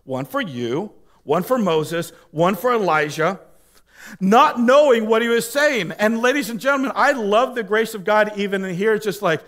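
A male pastor preaching a sermon, swinging from loud emphatic exhortation to hushed, soft appeals. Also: sits high, lively intonation, moderate pace.

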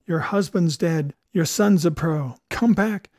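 A man playing an old theatre hand who speaks with loud, ardent conviction. The tone stays mellow and dark, and the recording is dry. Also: fairly high pitch, takes it slowly, dry recording, voice pushed up. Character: old male theatre veteran, ardent and gruff.

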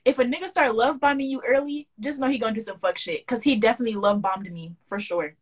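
A young woman co-hosting a casual podcast, telling a story with lively slang and acting out the quoted dialogue. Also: on the high side, fast talker, husky. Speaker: podcast co-host.

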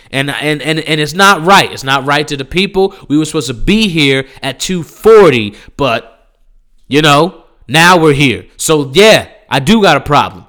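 A man's voice: fairly high pitch, a bit bright. Man doing a fed-up, indignant bus rider. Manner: indignant, complaining. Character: angry fed-up male bus passenger.

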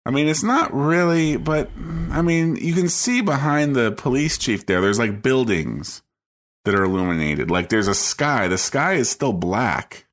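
A man co-hosting a podcast in casual chat, relaxed and agreeable, thinking aloud. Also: mid-range voice, measured pace. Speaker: podcast co-host.

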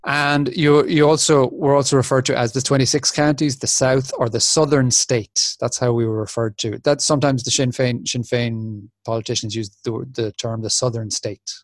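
A man's voice: medium pitch, fairly even intonation, moderate pace, few pauses, no room sound. A man in his fifties from the south of Ireland with an Irish accent, chatting casually and rambling with frequent self-corrections. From Republic of Ireland. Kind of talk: casual chat.

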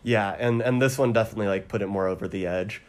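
A man with a fairly low voice talks casually through a film's plot. He rambles, filling gaps with ums and likes and slipping into brief quoted lines as he goes. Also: fast, darkish tone. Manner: rambling retelling with many ums and acted quotes. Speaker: podcast co-host recapping a film. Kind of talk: casual chat.

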